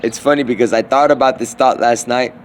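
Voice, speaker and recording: Brief: man, middle pitch, loose profane slangy rambling monologue, light noise behind. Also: steady tone, fairly quick. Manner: meandering, slangy, profane, trailing off and restarting.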